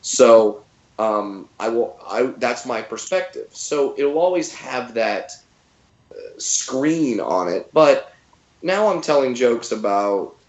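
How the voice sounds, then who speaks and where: A man in his thirties, a comedian telling stories as a guest in a casual interview, relaxed with lots of fillers and restarts. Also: mid-range voice, slow pace, reverberant, dull audio.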